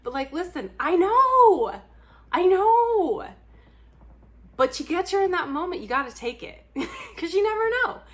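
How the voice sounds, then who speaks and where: A woman's voice: extremely high pitch, animated, a little fast, a bit bright. Blunt, candid woman chatting casually. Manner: blunt, candid, laughs often, swears casually. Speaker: book vlogger. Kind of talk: casual chat to camera.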